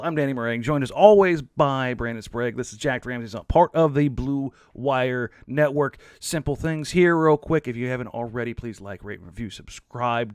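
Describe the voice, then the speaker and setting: An upbeat man hosting a casual sports podcast, still carrying his morning voice. His delivery is animated and self-mocking. The sound is dry and close. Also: medium pitch, dry recording. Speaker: podcast host.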